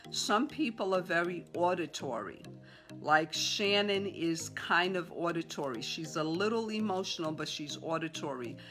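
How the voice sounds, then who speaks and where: A woman teaching a sales training session to a group, talking fast with lots of fillers and acting out conversations with sellers. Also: lowish voice, a bit bright. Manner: talks fast, role-plays seller dialogue, many fillers. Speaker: real estate sales trainer. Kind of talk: live training talk to a room.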